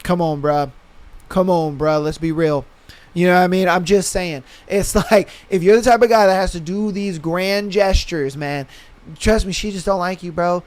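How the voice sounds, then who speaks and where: A young man with a fairly high, smooth voice rants to his listeners in loose, profane slang. He often drops into quick impressions of what other people say before going back to his own point. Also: darkish tone. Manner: blunt, slangy and profane, mimics others mid-rant. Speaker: podcast host. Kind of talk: casual opinion rant.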